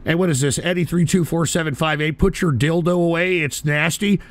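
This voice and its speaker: A man hosting a live stream, ranting in a profane, combative way with sarcastic asides and sudden bursts of shouting. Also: fairly high pitch, steady tone, brisk, hardly any pauses.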